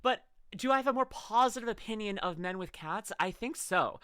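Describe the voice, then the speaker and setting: Woman streamer, bright tone, dry sound, rambling and stammering as she reacts to clips. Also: medium pitch, lively intonation, normal speed, smooth, no echo. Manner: rambling, stammering restarts and frequent laughs. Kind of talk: casual reaction chat.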